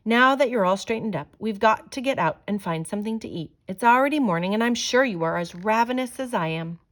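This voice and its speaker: A woman's voice: mid-range voice, animated, a little fast, pitched above the performer's own voice, lightly acted. A woman voicing a loving, fussy mother hyena in a read-aloud storybook. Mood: bustling. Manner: exclaiming, warm scolding.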